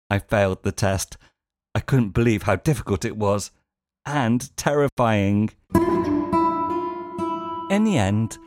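A man with a lowish, mellow voice tells wry anecdotes, chuckling dryly now and then. The sound is dry and close, with soft guitar in the background. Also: no echo. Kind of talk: anecdotal monologue.

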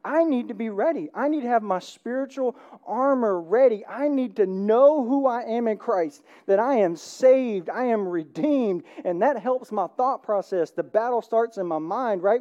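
A man's voice: high voice, animated, normal speed, hardly any pauses, mellow, lo-fi sound. A man preaching a sermon as a pastor, talking in a conversational way and often checking in with "right?". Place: church.

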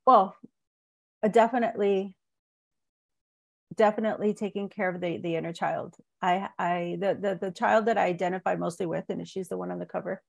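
A woman in her forties, a guest on a wellness talk show, sharing her personal healing story in an earnest, halting way with many restarts. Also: fairly low pitch, fairly even intonation, gravelly. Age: 40s. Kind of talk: podcast interview, personal story.

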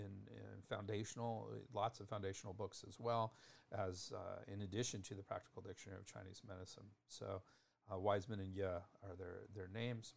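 A man's voice: lowish voice, gravelly. A man teaching acupuncture terminology in a thoughtful lecture, often restarting phrases and spelling out terms.

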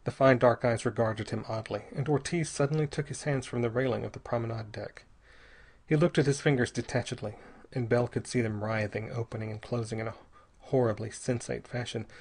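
Brief: male audiobook narrator, measured storytelling, slight husk, mid pitch. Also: fairly even intonation, darkish tone, slightly rough. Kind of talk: scripted narration.

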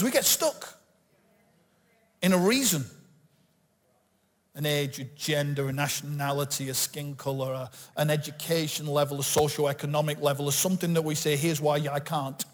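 Middle aged guy preaching, high voice, acts out quotes, big echoey church hall. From England. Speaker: guest pastor. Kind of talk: sermon.

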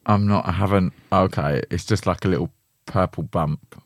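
A young man with a low voice hosts a casual podcast chat, gossiping and swearing with easy laughter. The recording is dry and close, with no room sound. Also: normal speed, no room sound. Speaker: podcast host.

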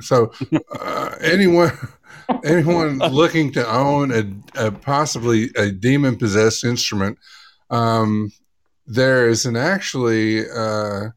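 A man of middle pitch co-hosts a casual podcast, polite and quick with mild exclamations. He reads an article aloud in a halting way, pausing over words. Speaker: podcast co-host. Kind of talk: casual chat.

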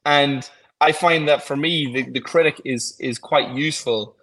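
A man's voice: mid-range voice, measured pace, a bit bright, rough recording. A man co-hosting a podcast in casual chat, encouraging and thinking aloud as he talks. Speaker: podcast co-host.

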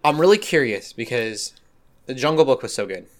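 A man co-hosting a casual pop-culture podcast, relaxed and agreeable with loose phrasing. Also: mid-range voice, brisk. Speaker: podcast co-host.

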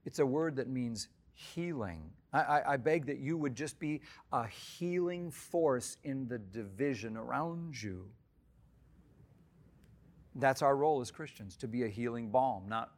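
A man preaching a sermon in an earnest, emphatic way, swinging between loud, stressed rises and hushed, quiet drops. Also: mid-range voice. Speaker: pastor.

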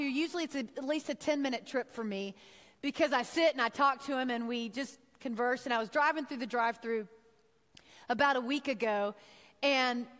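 A woman's voice: high-pitched, fairly bright tone, big-room sound. A woman from Texas giving a heartfelt sermon-style talk, telling a personal story and acting out her own thoughts. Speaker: speaker giving a devotional talk.

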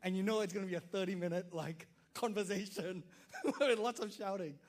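A man preaching a sermon, telling stories in an animated way, acting out quotes and checking in with listeners. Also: high voice, moderate pace. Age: adult father. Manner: animated storytelling, acts out quotes, frequent "right?" to listeners.

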